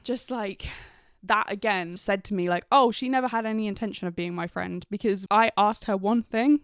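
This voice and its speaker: A woman's voice: mid-range voice, smooth, no room sound, clean studio sound. A young woman, talking casually and chattily about friendship advice, with lots of "like" and frequent laughs. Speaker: vlogger.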